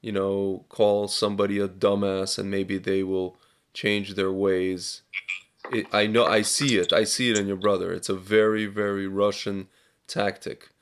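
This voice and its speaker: A man's voice: lowish voice, little pitch movement, measured pace. A man co-hosting a casual podcast conversation who speaks emphatically and repeats his points. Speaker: podcast co-host. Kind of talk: casual chat.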